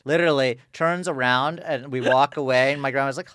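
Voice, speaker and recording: A man chatting as a podcast guest, telling family stories in a quick, offhand way. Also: medium pitch, fairly even intonation, a bit bright, dry recording, clean studio sound. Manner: fast, chatty storytelling. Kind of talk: casual chat.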